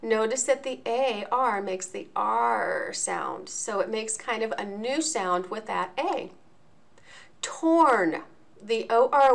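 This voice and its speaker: A woman teaching a lesson in a video, explaining each point slowly and enunciating clearly. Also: fairly high pitch. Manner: slow, deliberate, clearly enunciated.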